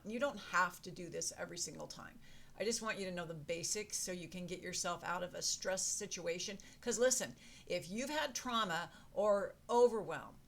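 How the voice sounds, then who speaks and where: A woman coach walks the listener through a tapping routine in a casual, direct way. She repeats short affirmations so the viewer can say them along with her, and her voice sits at an ordinary middle pitch. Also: fairly bright tone. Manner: casual, talks straight to the viewer. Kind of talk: guided tapping lesson.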